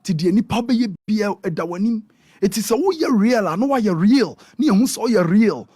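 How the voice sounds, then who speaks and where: A Ghanaian man speaking with a preacher's lively, swooping delivery, his pitch sitting a little above most men's. The studio sound is dry and close, with no room around the voice. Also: normal speed, breathy edge, dry recording. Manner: animated, mixes Twi and English, acts out quotes. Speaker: prophet guest. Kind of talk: radio interview, preaching tone.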